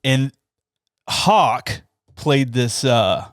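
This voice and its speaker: A man's voice: medium pitch, animated, unhurried, dry recording, clean studio sound. A man from Northeast Georgia, co-hosting a podcast and telling stories with frequent laughs and stumbles. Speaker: podcast co-host. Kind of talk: casual chat.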